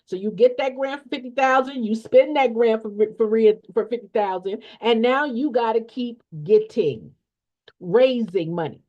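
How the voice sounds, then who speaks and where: A woman's voice: fairly high pitch, normal speed. A woman coaching an audience on nonprofit funding, blunt and preachy, who repeats her points and asks rhetorical questions in folksy, slangy talk. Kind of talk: emphatic motivational teaching. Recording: dull lo-fi sound.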